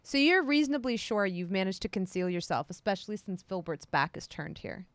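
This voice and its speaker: A woman narrating as game master of a tabletop role-playing game, describing the scene in a measured way. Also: medium pitch, animated, no echo.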